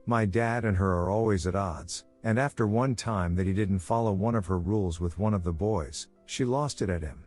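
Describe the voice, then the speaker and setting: Low-voiced man reading a story. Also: moderate pace, few pauses, darkish tone, faint music behind. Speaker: story narrator. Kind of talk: reading an online story aloud.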